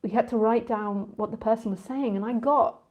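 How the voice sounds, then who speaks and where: A woman's voice: on the high side, fairly even intonation, normal speed, highs cut off. A woman spiritual teacher in a casual live talk with listeners, rambling and chatty, often laughing and drifting off on tangents.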